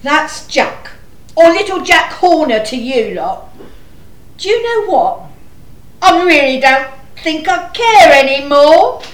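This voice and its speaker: A woman playing a frazzled, exasperated mother of many children in a panto, chatty and slow. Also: high-pitched, sing-song, full character voice. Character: frazzled harried mother in a shoe house. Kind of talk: amateur panto acting. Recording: echoey room.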